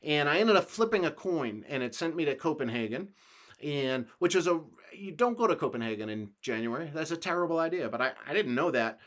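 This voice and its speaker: A man's voice: fairly high pitch, lively intonation, a little fast, fairly bright tone. A man from the United States hosting his own podcast, rambling through a travel story in a loose, casual way, swearing now and then and laughing along. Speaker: podcast host.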